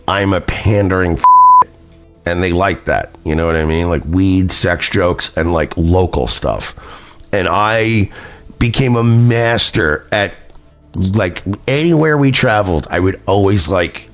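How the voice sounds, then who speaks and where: A man from New York hosting a podcast, telling a story in a rambling, profane, self-mocking way while intoxicated. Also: low-pitched. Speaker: podcast host. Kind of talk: casual storytelling chat.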